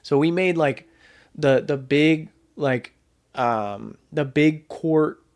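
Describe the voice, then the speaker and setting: A man's voice: on the high side, slow pace, a little mellow. A young man co-hosting a casual sibling podcast, telling a rambling funny story and laughing along. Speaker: podcast co-host. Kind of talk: casual chat.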